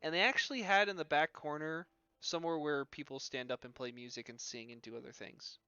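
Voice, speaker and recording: Bright, crisp male game master. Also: on the high side, a little fast, no echo, muffled recording. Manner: loose narration full of "like" and "um". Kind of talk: narrating a tabletop game on a live stream.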